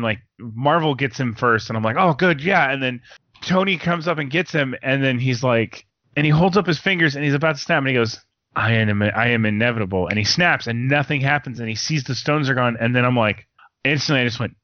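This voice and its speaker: A young man in casual chat as a podcast co-host, excitedly retelling scenes and swearing. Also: mid-range voice, a little fast, no room sound. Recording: dull lo-fi sound.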